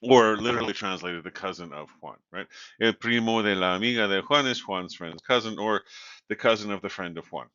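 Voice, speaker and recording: Male college instructor, lower voice, dry close sound, explanatory lecture with frequent fillers. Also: a little fast, sharp tone, no room sound. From California. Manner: explanatory, many fillers and "right?" checks. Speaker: Spanish instructor. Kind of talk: recorded lecture. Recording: dull, lo-fi sound.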